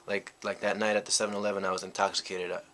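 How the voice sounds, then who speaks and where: A young man from the United States talks through a personal story in a deep voice that stays level. His tone is bright and forceful, and he rambles, circling back with "you know" after nearly every thought. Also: level tone, rapid-fire, a little hiss or hum. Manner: rambling, reflective, heavy on "you know" fillers. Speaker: vlogger. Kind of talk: casual storytelling monologue.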